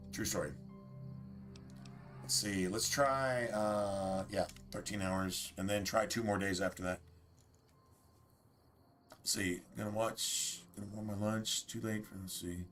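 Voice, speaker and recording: Guy streaming a game, bright tense voice, rambly and sweary, just chatting. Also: on the low side, measured pace, pauses often, soft background music. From United States. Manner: rambling, profane, opinionated. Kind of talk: casual livestream chat.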